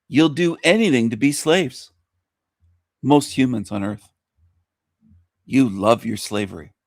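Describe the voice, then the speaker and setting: A man's voice: medium pitch, a little slow, dry recording, studio quality. Guy ranting on his show, scornful and sneery, mid voice, no room sound. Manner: scornful, mocking, preachy. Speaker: radio show host. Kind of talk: ranting monologue commentary.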